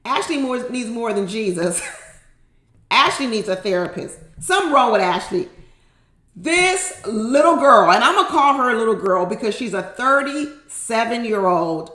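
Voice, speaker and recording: A woman's voice: on the high side, expressive, normal speed, fairly bright tone, reverberant. A middle-aged woman chatting casually and animatedly to her viewers, laughing often as she recaps a reality show. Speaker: YouTube reality TV recap host. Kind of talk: casual chat.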